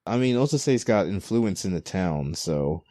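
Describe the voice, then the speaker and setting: Young male podcast host, low voice, lively recapper who does quick character voices; dry, close mic. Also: no room sound. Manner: animated, acts out characters' lines in quick voices. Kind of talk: casual podcast chat recapping manga.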